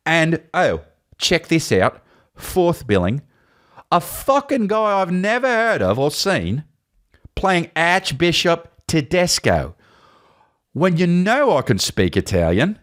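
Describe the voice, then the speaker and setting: A man's voice: a little high, fairly bright tone. A man impersonating an aggrieved veteran film actor who rants profanely at his agent. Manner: profane, indignant, hums a tune mid-rant. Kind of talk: comedic impression.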